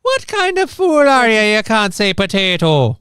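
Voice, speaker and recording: A man putting on a high, theatrical stage-Irish voice, playfully scolding and coaching someone on the accent. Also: wildly swooping pitch, moderate pace, sharp tone, full character voice. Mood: mock outrage. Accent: put-on Irish. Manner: theatrical, sing-song, coaching.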